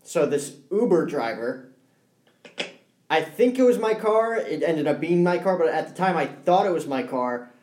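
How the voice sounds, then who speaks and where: Young man, podcast co-host, casual storytelling, slightly high voice, roomy echo. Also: moderate pace. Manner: storytelling, animated impressions.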